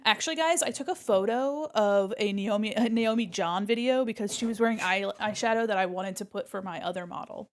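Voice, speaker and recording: A woman's voice: medium pitch, brisk, hardly any pauses. A woman streamer chatting casually with her viewers while drawing, laughing and humming to herself.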